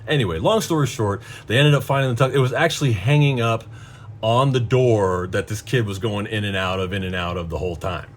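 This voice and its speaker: A man's voice: lowish voice, fairly quick. A middle-aged man telling a story in a casual rant, profane and exasperated. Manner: profane, exasperated, animated storytelling with voiced quotes. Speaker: vlogger.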